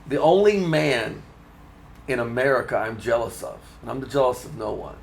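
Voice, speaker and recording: A man's voice: mid-range voice, lively intonation, normal speed, vocal fry, a little hiss or hum, rough recording. Enthusiastic male talk host. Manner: enthusiastic, emphatic. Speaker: host, fishing magazine editor. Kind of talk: casual chat. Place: fishing trade show.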